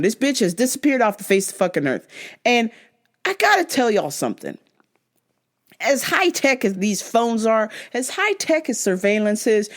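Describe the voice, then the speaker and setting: Profane, animated woman podcast host. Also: on the high side. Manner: blunt, profane, laughs often, ranting. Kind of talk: casual commentary podcast.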